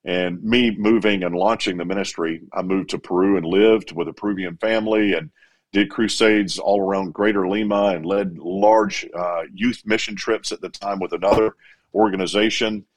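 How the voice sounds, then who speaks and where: Low-voiced middle-aged evangelist storyteller. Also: male voice, moderate pace. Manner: animated, acts out quotes. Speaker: evangelist, interview guest. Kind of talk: storytelling in an interview.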